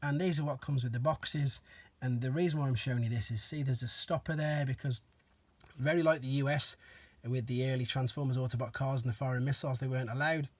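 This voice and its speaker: A man doing a casual show-and-tell review of collectible toys, chatty and relaxed, often repeating stock phrases like "as I say". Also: medium pitch, fast talker.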